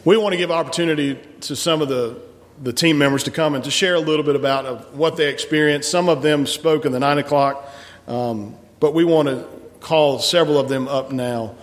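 A man's voice: fairly high pitch, brisk. A man who leads a church service, folksy and encouraging, often restarting his sentences. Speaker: pastor leading a church service. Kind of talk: church announcements and congregational song leading. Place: large church sanctuary. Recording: long hall reverb from a sanctuary.

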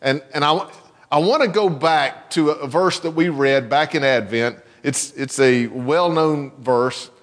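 A male pastor preaching a sermon, reading scripture and adding chatty asides with soft laughs. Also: fairly high pitch, a little slow. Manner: conversational, chuckling asides between scripture readings. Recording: long hall reverb.

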